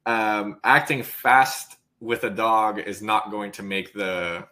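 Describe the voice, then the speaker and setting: A man's voice: fairly low pitch, slow pace, pushed and bright. A man hosting the workshop, summing up takeaways with many fillers and hesitations. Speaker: host.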